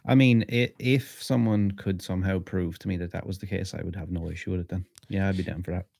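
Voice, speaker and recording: A man with a fairly low voice co-hosting a podcast. He chats casually and tells stories in a relaxed, laid-back way, with plenty of fillers. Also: fast talker, gravelly. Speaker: podcast co-host. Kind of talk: casual chat.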